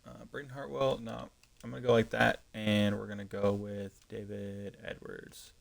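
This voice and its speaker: A man's voice: on the low side, monotone, moderate pace, creaky. A man streaming a football video game, chatting casually as he thinks aloud, with frequent ums and self-corrections. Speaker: gaming streamer. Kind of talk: casual live-stream commentary.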